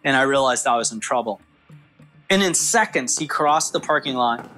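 A man, a former FBI agent, recounting his experience in animated storytelling, acting out the dialogue. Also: mid-range voice, moderate pace, over music. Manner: acts out quoted dialogue with lively shifts.

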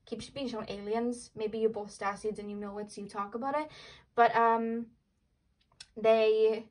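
A woman's voice: medium pitch, level tone, normal speed, darkish tone, poor audio. Chatty woman reading tarot. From Wales. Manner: chatty, rambling, frequent "like" and "um" fillers, laughs easily. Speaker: tarot reader. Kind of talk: casual tarot reading to camera.

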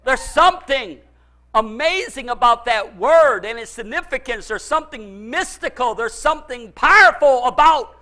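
High bright-voiced preacher man. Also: expressive, moderate pace. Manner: fervent, swings from low asides to shouted pleas. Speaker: pastor. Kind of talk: sermon.

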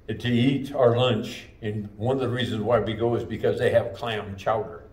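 A man preaching a sermon as pastor, with slow, emphatic delivery and drawn-out phrases. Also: fairly low pitch, a little mellow. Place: church sanctuary. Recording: echoey church room, mic at a distance.

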